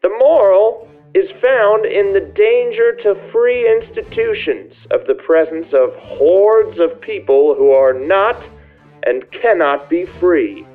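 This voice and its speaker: A man's voice: high voice, voice pushed up. A man doing a lofty old Southern orator, preaching to a graduating class in a put-on Savannah drawl. The voice rises and falls dramatically. It comes through thin and phone-like over faint music. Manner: lofty, declaiming. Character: pompous old male university president giving a speech.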